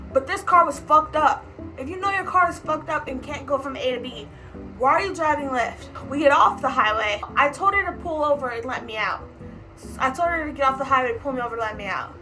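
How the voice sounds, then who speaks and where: A young woman who works as an emergency department tech, telling a story in a fast, exasperated and profane rant. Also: sits high, sharp tone, low-quality recording.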